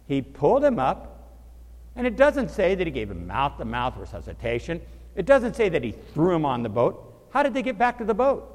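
Animated male pastor preaching. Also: on the high side, in a large hall. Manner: animated, rhetorical questions to the congregation. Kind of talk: sermon.

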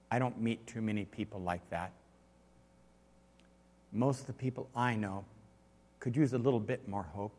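A man preaching a sermon as pastor, swinging from loud exhortation to quiet storytelling. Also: mid-range voice. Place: church sanctuary. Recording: long reverb of a large hall.

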